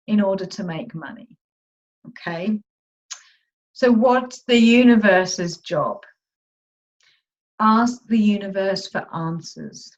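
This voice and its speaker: A woman coach leading a live online masterclass in a chatty, upbeat, informal manner. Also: medium pitch. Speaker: money mindset coach. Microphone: video call. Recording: dull lo-fi video call audio.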